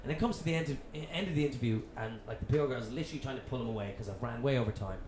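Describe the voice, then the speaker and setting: A man's voice: medium pitch, very fast. Irish man telling stories, echoey club. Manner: animated storyteller, swears freely. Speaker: talk show guest, radio presenter. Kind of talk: live anecdotal storytelling. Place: comedy club venue with live audience. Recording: echoey club room with audience noise.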